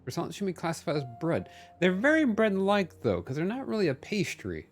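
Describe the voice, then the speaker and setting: A man's voice: sits high, huge pitch swings, a little fast, faint music behind. A man streaming a video game, chatting casually in a playful, rambling, jokey way. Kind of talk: casual gameplay commentary.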